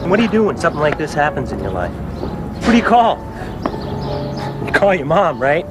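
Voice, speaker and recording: A man's voice: a little high, sing-song, brisk, over loud music, low-quality recording. A man telling his own true story to an audience, plain-spoken and reflective, often saying "you know".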